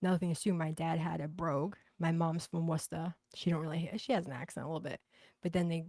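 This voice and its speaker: A woman's voice: sits low, fairly even intonation, fast, a little mellow, no echo. A woman with a thick Boston accent chatting bluntly and profanely on a livestream, reading out comments. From Boston, USA. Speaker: livestream host.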